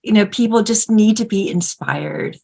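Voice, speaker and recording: Breathy-voiced effusive woman host. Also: mid-range voice, fairly even intonation, warm tone. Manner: effusive, halting, many restarts. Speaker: interview host. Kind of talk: interview questions.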